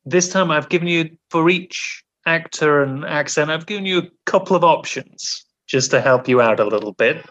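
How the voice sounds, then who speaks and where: A man's voice: a little high, normal speed, hardly any pauses, fairly bright tone, highs cut off. Mock-formal podcast host man. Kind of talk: casual chat.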